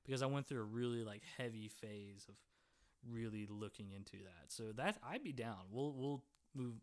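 A man's voice: medium pitch, moderate pace. A man co-hosting a podcast, chatting casually and animatedly and laughing often. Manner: animated, laughs often, quotes lines in voices. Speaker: podcast co-host. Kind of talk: casual chat.

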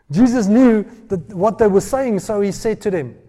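A man preaching a sermon, retelling a scripture story with lively, acted-out voices. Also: high voice. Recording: long hall reverb.

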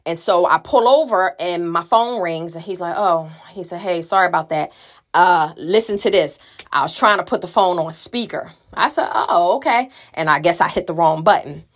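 A woman's voice: on the low side, normal speed. A middle-aged woman telling a personal family story in a conversational way, acting out the voices of the people she quotes. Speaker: listener sharing a story.

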